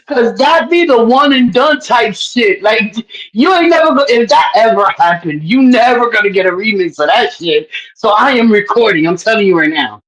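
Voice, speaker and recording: A woman's voice: normal speed, low-quality recording. Teasing, laughing woman on a chat app. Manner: laughing often, acting out quotes in animated pitch jumps; profane, teasing. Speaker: panelist on a live audio chat. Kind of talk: casual chat.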